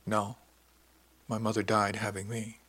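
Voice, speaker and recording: A man voicing a shy, earnest young woman in an audiobook, speaking softly and hesitantly. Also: on the low side, brisk, breathy edge. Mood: quiet. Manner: soft, hesitant.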